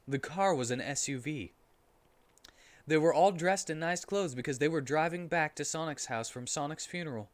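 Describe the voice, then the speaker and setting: A man who streams, giving a deadpan, comedic dramatic reading of a story in a storybook narrating voice. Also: a little high, moderate pace.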